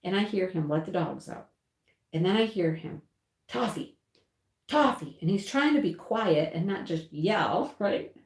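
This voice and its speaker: A woman's voice: fairly low pitch, lively intonation, moderate pace, darkish tone. Woman, livestream host, casual rambling storyteller, laughs a lot, echoey room. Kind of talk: casual chat while crafting. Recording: roomy echo.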